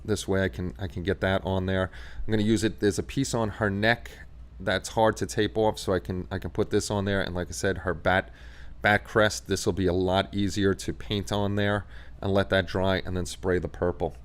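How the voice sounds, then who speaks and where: A man's voice: deep voice, flat delivery, normal speed, clear, resonant tone. An American man hosting a casual hobby livestream, chatting and joking while he paints models. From United States. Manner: chatty and joking, laughs often.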